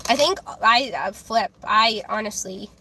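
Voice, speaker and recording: A woman livestreaming, ranting angrily to her chat, with halting restarts and repeated words. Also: mid-range voice, sharp tone, slight background noise. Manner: angry, heated ranting with swearing.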